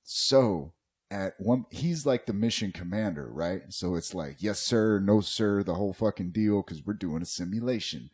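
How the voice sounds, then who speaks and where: Male podcast host, rambling profane storyteller, very low voice. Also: animated, moderate pace, a little mellow, husky. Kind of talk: casual storytelling chat.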